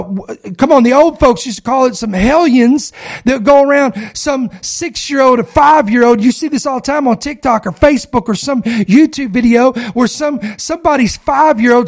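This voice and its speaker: A middle-aged man preaching a fervent sermon to an online audience, exhorting listeners with repeated call-outs. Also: very high-pitched.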